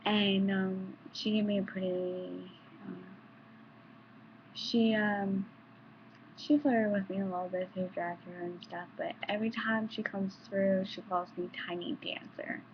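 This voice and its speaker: A woman's voice: mid-range voice, steady tone, a little slow, a little hiss or hum. A young woman vlogger telling stories in a rambling, casual way, with restarts and some swearing, in a dull lo-fi home recording. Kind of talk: casual storytelling.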